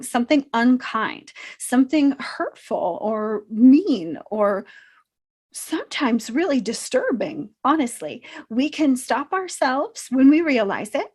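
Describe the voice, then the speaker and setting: A woman speaking as a self-help coach in an unscripted talk to camera, reflective and gently encouraging, with frequent pauses. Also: on the high side.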